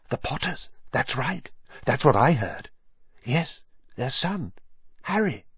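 A man narrating a storybook with lively, expressive storytelling, his pitch rising and falling widely as he shifts pace and volume. His voice is husky and sits slightly low, recorded close and dry with a somewhat dull, lo-fi tone. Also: dry recording. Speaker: audiobook narrator. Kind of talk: scripted narration.

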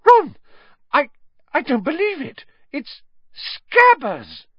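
A bossy, clever teenage witch, put on by a male audiobook reader, her voice lifted high and quick. She speaks with earnest urgency, on a slightly dull, dry recording. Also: sing-song, slightly rough, dry recording, heavily acted. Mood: shrieking.

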